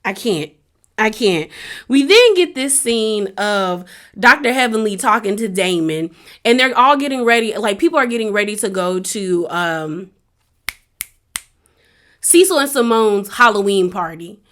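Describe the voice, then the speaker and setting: A woman's voice: medium pitch, animated, measured pace, fairly bright tone. A woman giving a casual, opinionated recap of a reality show. She talks chattily, with a lot of "like", and acts out the quotes.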